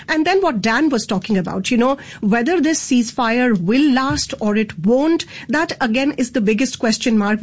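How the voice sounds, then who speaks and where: A woman business presenter giving live news analysis in an explanatory, conversational way with many fillers. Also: on the high side.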